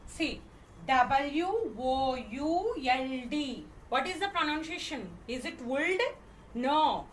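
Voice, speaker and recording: Speaking slowly in a high voice, a woman with an Indian English accent teaches a classroom phonics lesson. She spells words letter by letter, then says them slowly, repeats questions, and checks with "okay?" Echoey room, distant mic, faint background noise.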